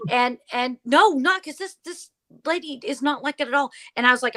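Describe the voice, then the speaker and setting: A woman guest telling a story in conversation, animated, acting out the lines of the people in it. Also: high-pitched, normal speed. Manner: animated, acts out quoted dialogue. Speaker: podcast guest, paranormal investigator.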